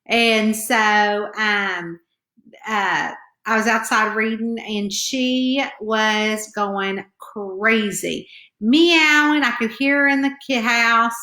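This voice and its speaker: Woman, Southern hillbilly twang, chatty live-stream host, fairly high voice, roomy echo. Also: takes it slowly, pushed and bright. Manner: chatty, greets viewers by name, nervous. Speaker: author hosting a live stream. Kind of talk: casual live-stream chat with viewers. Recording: echoey room.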